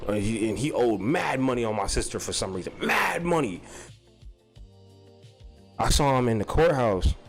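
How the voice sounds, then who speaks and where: A young man telling a personal story in a casual, profane, rambling way. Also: medium pitch. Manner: profane, animated, rambling with restarts.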